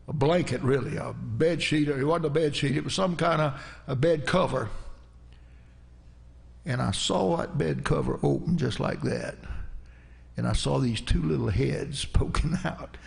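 Brief: preacher, middle-aged, gravelly voice, rambling folksy anecdotes from the pulpit. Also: male voice, medium pitch, a little slow. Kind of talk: storytelling sermon.

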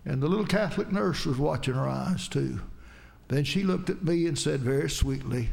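A man's voice: on the high side, normal speed, gravelly, darkish tone. A man preaching a sermon, telling a personal testimony in an earnest storytelling way, his voice rising in emphatic bursts.

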